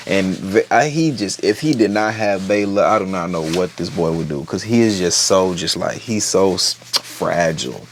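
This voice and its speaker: A man's voice: low voice, moderate pace, slight background noise. A man giving a casual, gossipy and profane episode recap, full of slang. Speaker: TV show reviewer.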